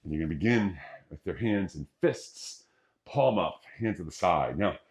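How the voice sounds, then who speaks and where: A middle-aged man teaches qigong in a low-pitched, expressive voice at a moderate pace. Casual and jokey, he guides the exercise by narrating each breath in turn.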